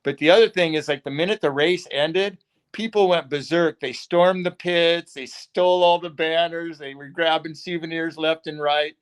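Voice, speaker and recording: A man's voice: fairly high pitch, steady tone, normal speed, clean tone. Chuckling rambling man telling stories. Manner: rambling, chuckling, says "like" and "dude". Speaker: podcast guest. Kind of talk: casual interview storytelling.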